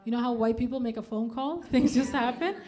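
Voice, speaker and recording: High-voiced woman doing stand-up. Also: a little fast, soft background music. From Denmark. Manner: deadpan setups, punchy acted-out quotes. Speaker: stand-up comedian. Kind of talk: stand-up comedy set. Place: comedy club stage. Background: audience laughter.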